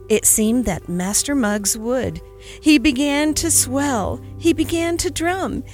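A woman narrating a classic holiday storybook aloud with expressive, dramatic delivery. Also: sits high, takes it slowly, faint music behind. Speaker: podcast narrator.

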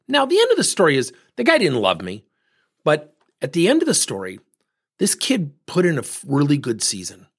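A man with a husky, slightly breathy voice tells a coaching story to parents. His pitch swings widely as he acts out each person's lines in shifting voices. He speaks frankly and plainly. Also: huge pitch swings, quick pace. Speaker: volleyball coach and podcast host.

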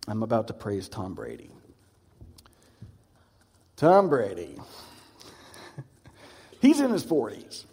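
A man's voice: medium pitch, warm tone, husky, long reverb tail. A man preaching a sermon, conversational and reflective, with many rhetorical questions.

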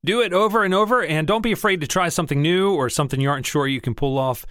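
A man's voice: a little high, fast, fairly bright tone, no room sound. Dry-voiced man giving a voiceover lesson. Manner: conversational, encouraging, emphatic on key words. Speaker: voiceover coach. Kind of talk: instructional talk to camera.

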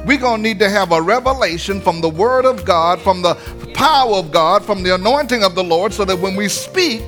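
High-voiced lively preaching man. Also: fairly quick, soft background music. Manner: lively preaching, acts out voices, laughs often. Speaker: pastor. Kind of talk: sermon. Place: church sanctuary.

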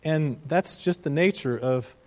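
A man with a slightly raised pitch preaches a sermon as pastor. He speaks with emphasis and keeps asking his listeners rhetorical questions. He slows down to stress key words. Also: a little mellow.

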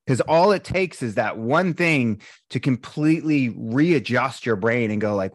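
Man, mid-pitched voice, lively candid storyteller, dry close-miked sound. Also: moderate pace, few pauses, dry recording. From Boston, USA. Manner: animated storytelling, candid and emotional, acts out quotes. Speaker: breathwork instructor, podcast guest. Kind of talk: casual interview chat.

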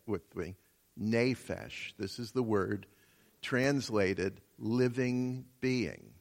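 A man preaching a sermon in a slow, measured teaching manner with many pauses. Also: medium pitch. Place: church. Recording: long reverb of a church hall.

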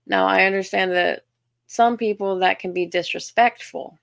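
A young Southern US woman hosts her own podcast, telling stories in a chatty, self-deprecating monologue full of restarts. Her mid-range voice is gravelly, steady in tone and at normal speed, captured in studio quality with no room sound.

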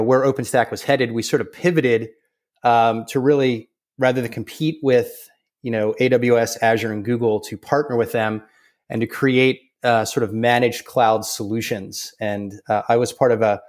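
A man's voice: medium pitch, moderate pace. Easygoing man with frequent fillers. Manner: relaxed, many fillers and restarts. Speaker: guest. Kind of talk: conversational interview.

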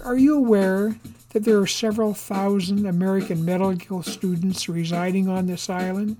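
Reader doing a calm pushy tv reporter guy, measured questions. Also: medium pitch, natural voice. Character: persistent male television news reporter.

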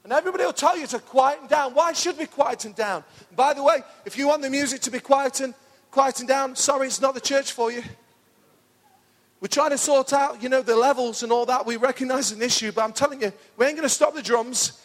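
High-voiced pastor preaching loudly. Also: male voice, a little fast. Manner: pumped-up, loud, enthusiastic preaching. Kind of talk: sermon. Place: church hall. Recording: reverberant church hall.

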